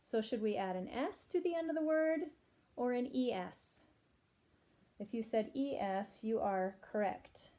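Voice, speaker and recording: A woman teacher with a mellow voice on the high side gives young kids a patient phonics lesson. She speaks slowly, lays everything out clearly, and keeps asking the children questions.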